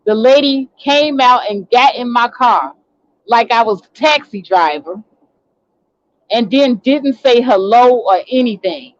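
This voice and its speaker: A Chicago woman who hosts an online talk show tells a story in a casual, indignant rant, acting out what people said. Her voice is fairly high and unhurried, and the audio sounds dull.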